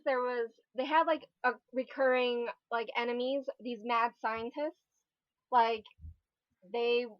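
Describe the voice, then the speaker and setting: A woman guest on a podcast with a slightly higher voice, rambling casually with lots of fillers. Her audio is dry and dull, like a lo-fi mic. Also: no echo. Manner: rambling, filler-heavy recounting. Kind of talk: casual chat.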